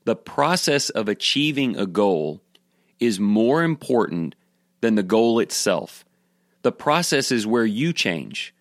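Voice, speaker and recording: Low, dry-sounding man giving an earnest devotional talk. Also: big pitch swings, measured pace, no echo. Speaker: Bible teacher.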